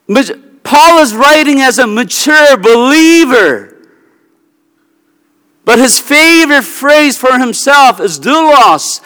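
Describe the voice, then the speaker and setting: A pastor delivering an emphatic, teaching-style sermon that walks through logic step by step. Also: male voice, very high voice, lively intonation, slow pace, sharp tone, clean tone, in a large hall.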